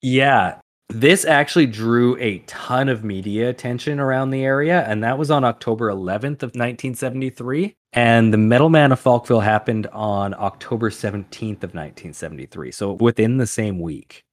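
A man with a mid-range voice speaks at normal speed while co-hosting a podcast. He tells a story loosely and chattily, correcting himself along the way.

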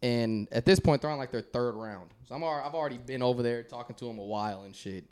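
A man telling a casual story on a podcast, animated and laughing as he goes. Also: medium pitch, fast talker. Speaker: guest on a podcast.

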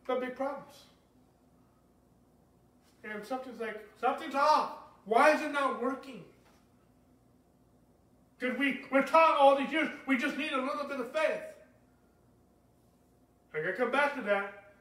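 A man preaching a sermon, animated, rising to shouts and asking the congregation questions. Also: high voice. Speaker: pastor. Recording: echoey room, speaker far from mic.

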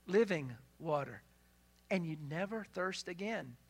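A pastor preaching a sermon in a conversational way, asking the listeners questions and retelling scripture as lively dialogue. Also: mid-range voice, unhurried, slightly rough. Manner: conversational, asks the congregation questions.

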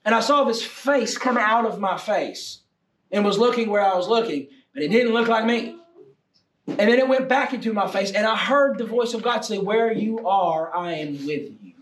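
A man with a high voice delivers a fervent sermon, sometimes shouting and sometimes falling to a hush. He is heard from back from the mic in an echoey room with a faint hiss. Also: far from the mic. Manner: impassioned, swings from shouting to near-whisper. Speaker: preacher.

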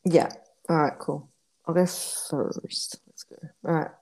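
A chatty Australian woman with a low, mellow voice, talking loosely and laughing often. She slips in casual swearing as she rambles through a podcast chat. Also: steady tone, takes it slowly. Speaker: podcast co-host.

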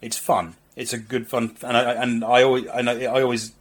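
A man co-hosting a relaxed podcast, giving blunt opinions while circling back and restarting his sentences. His voice is husky and sits at an ordinary pitch. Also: fairly quick. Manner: blunt, repeats himself, frequent restarts. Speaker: podcast co-host. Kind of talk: casual chat.

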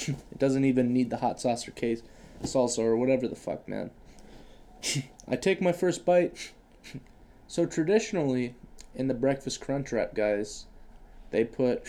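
A man's voice: mid-range voice, mellow. A young man co-hosting a casual podcast chat, laughing often, swearing a lot and stumbling on repeated k- sounds. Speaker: podcast co-host.

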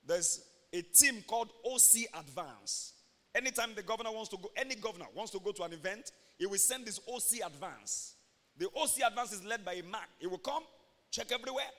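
High bright Nigerian preacher. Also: male voice, brisk, big-room sound. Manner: animated preaching, shifts between soft talk and shouts. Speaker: pastor. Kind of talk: sermon. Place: church.

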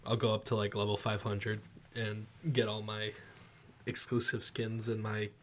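A man co-hosting a casual chat, talking in a relaxed, rambling way with lots of fillers. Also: fairly low pitch, moderate pace, slight background noise. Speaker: podcast co-host.

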